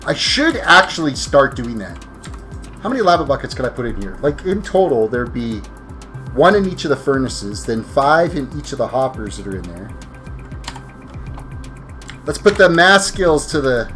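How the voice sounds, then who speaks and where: A man's voice: mid-range voice, very animated, moderate pace, pauses often, fairly bright tone, soft background music. A tired man streaming a video game live, chatting casually with viewers, rambling and correcting himself as he plays. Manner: rambling, self-correcting, talks while playing. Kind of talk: casual gameplay commentary.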